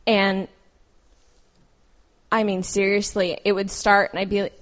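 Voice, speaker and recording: A woman's voice: mid-range voice, level tone, unhurried, pauses often, fairly bright tone. A woman reading scripture aloud, then preaching in an earnest, conversational way with personal stories. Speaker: lay preacher.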